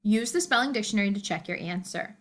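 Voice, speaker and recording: A woman's voice: mid-range voice, lively intonation, quick pace, a bit bright, a little hiss or hum. A woman teacher recording homework instructions, explaining reading and spelling tasks patiently step by step.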